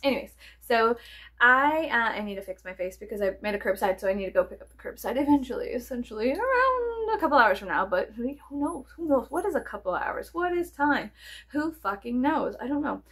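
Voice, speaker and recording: Talking to camera in a rambling, playful way, a young woman vlogger swears often, drops to near whispers and bursts into sudden squeals. Her slightly high voice is very animated, fairly quick and fairly bright.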